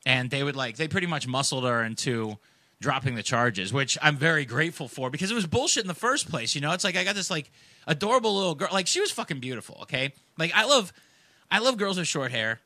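Fast, bright-voiced man telling a rambling story. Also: fairly high pitch, expressive, no room sound. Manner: profane, rambling, heavy on fillers. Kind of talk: casual storytelling.

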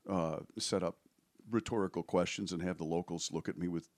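A man's voice: low-pitched, steady tone, brisk, no echo, clean studio sound. A man in his forties, a comedian guest chatting casually, joking and laughing often as he rambles. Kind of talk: casual comedy podcast chat.

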